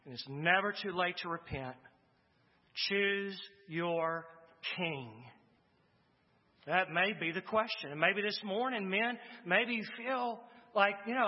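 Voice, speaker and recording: A man's voice: sits high, slow. A male pastor preaching a sermon with impassioned, emphatic declarations, then leading a prayer. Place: church sanctuary. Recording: long reverb, dull lo-fi sound.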